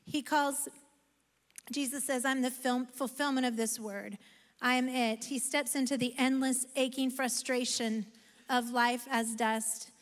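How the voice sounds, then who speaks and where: A woman pastor giving an animated, emphatic sermon in a church sanctuary. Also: high-pitched. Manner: animated, emphatic preaching with self-aware asides. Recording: long reverb of a large hall.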